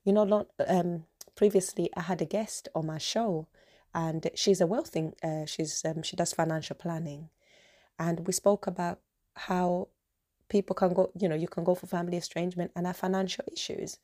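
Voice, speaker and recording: A woman's voice: fairly low pitch, fairly even intonation, normal speed, dark tone. A woman hosting a solo podcast, talking earnestly and passionately, repeating her points for emphasis. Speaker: podcast host. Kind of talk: emotional solo podcast monologue.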